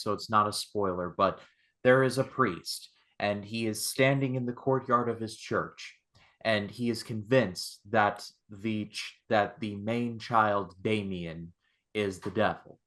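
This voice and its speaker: A man hosting a casual chat podcast, an animated storyteller who acts out the scenes he describes. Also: fairly low pitch. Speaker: podcast host.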